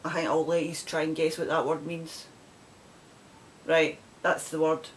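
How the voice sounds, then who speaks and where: A woman with a west of Scotland accent hosts her knitting podcast in easy, rambling chat. Her voice sits a little low, and she laughs often between asides. A faint hiss sits under the recording. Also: flat delivery, measured pace. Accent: West of Scotland Scottish. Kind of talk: casual chat.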